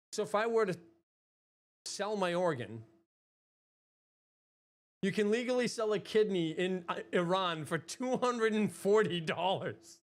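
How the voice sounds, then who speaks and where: A woman streamer in casual livestream chat, rambling, swearing freely and laughing a lot. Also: medium pitch. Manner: rambling, chatty.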